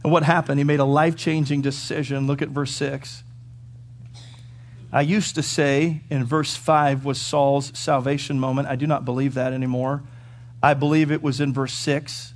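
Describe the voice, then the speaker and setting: A man's voice: medium pitch, level tone, normal speed. A man preaching a sermon in a church, talking emphatically and building to fervent peaks. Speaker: pastor.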